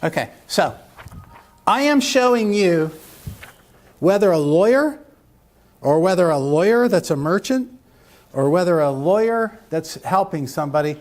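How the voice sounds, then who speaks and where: A man giving a live lecture to a room of lawyers, rambling through a joke and asking the audience questions. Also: high-pitched. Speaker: lecturer at a legal education seminar.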